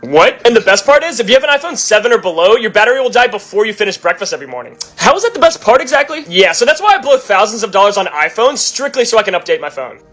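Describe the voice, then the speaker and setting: A man performing rapid-fire comedy sketches, playing every part himself with sarcastic, deadpan punchlines. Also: high voice, faint music behind.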